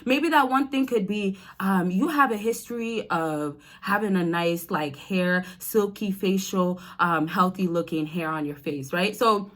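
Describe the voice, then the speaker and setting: A woman with a mid-range voice talks at a measured pace, barely pausing at all. Her casual vlog offers men dating advice to camera in a chatty, no-nonsense way, with viewers hailed as "fellas" and "y'all."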